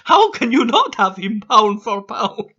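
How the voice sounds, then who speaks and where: A man's voice: big pitch swings, bright, forceful tone, husky, muffled recording, heavily acted. A man putting on Dexter, a whiny cartoon troll. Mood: mocking. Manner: slow, high, sneering, crying tone. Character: whiny know-it-all troll in a cartoon boy-genius voice.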